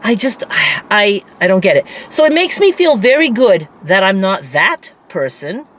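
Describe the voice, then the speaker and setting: A middle-aged woman vlogger talks candidly to her viewers in a rambling personal video, laughing easily. Her medium-pitched voice is very animated and fairly bright, with faint vehicle noise in the background.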